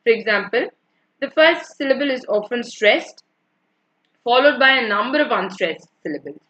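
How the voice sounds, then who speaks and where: In this muffled recording, a woman lectures on English literature online. Her voice is somewhat high, expressive and a bit bright, at a normal speed. She explains patiently, repeats herself and checks in with the students.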